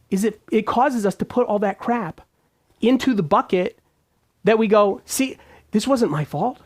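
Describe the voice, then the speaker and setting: A man giving a motivational business talk, emphatic and fond of repeated phrases and rhetorical questions. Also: high-pitched. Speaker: business coach.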